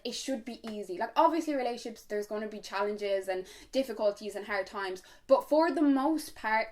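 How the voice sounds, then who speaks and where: A woman's voice: fairly high pitch, a little mellow. A woman in her twenties with an Irish accent, telling a casual story-time vlog in a chatty, frank way, full of fillers and swearing. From Ireland. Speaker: vlogger.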